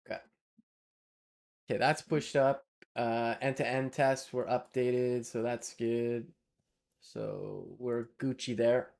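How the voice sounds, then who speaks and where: A man talks his way through code on a live stream, unhurried and with a gravelly edge to his voice. He thinks aloud, narrates each small step, and turns now and then to chat with viewers. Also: mid-range voice, flat delivery, darkish tone. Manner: thinks aloud while coding, chats with viewers. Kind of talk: casual live-coding stream talk.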